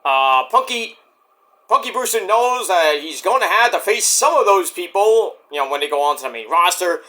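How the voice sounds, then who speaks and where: A man recapping a wrestling show in a casual, rambling vlog, cracking crude jokes and doing quick impressions. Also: sits high, lively intonation, pushed and bright.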